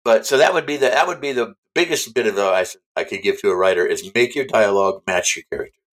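A man's voice: fairly low pitch, quick pace. Chatty man repeating his points. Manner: chatty, emphatic, repeats himself. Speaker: author guest. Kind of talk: casual interview chat.

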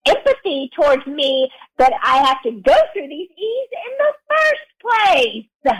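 A woman's voice: sits high, big pitch swings, a little slow, fairly bright tone, poor audio. A woman co-hosting a podcast in casual chat, bantering playfully with her co-host.

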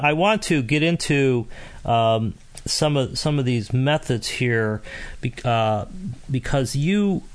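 A man's voice: mid-range voice, vocal fry. A man hosting an interview, asking long, rambling questions with frequent restarts. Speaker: interview host. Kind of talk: podcast interview.

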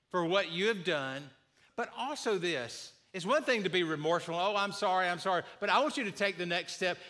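Male pastor, sermon delivery; bright, somewhat high voice, earnest and repetitive for emphasis. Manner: earnest, repeats key phrases, acts out sample apologies.

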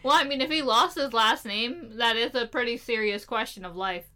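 A woman's voice: a little high, normal speed, bright, forceful tone. A young woman in casual, jokey chat with a friend, often laughing and teasing herself, with a slightly nasal voice. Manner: giggly, jokey, self-deprecating.

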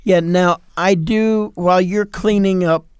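A man's voice: high voice, steady tone, darkish tone, clear, resonant tone, dry recording, clean studio sound. A man co-hosting a podcast, chatting casually and chiming in with short affirmations. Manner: affirming, quick interjections. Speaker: podcast co-host, pastor. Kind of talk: casual chat.

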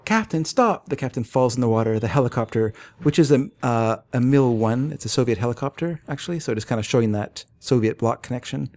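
A man in casual chat, retelling a comic's plot in a relaxed storytelling way with fillers. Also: mid-range voice, fast talker, hardly any pauses. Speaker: podcast co-host.

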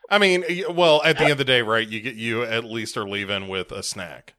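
A man co-hosting a podcast in casual chat, hesitant and stammering, with deadpan jokes. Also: medium pitch, brisk. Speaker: podcast co-host.

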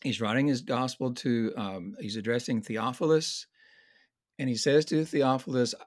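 A man teaching in a conversational Bible study discussion, earnest and explanatory, slowing down to stress key points. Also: medium pitch, no echo, clean studio sound.

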